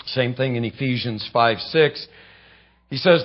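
A man preaching a sermon as pastor, emphatic and swinging between loud bursts and quiet lows. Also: fairly even intonation, a little slow, lo-fi sound.

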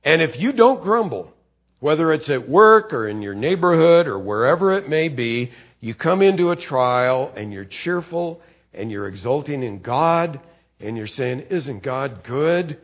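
A man preaching a sermon, telling scripture stories with animated delivery and reading passages aloud. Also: fairly high pitch, normal speed, dull audio.

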